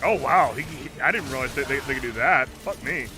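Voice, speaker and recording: A man's voice: mid-range voice, brisk. A man streaming a game, chatting casually with friends, laughing and swearing. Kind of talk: casual gaming chat with friends. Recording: game music underneath.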